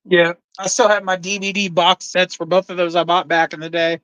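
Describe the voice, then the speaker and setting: Male guest, high and smooth, easygoing, dry lo-fi remote sound. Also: little pitch movement, brisk, fairly bright tone, dry recording. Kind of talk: casual livestream chat.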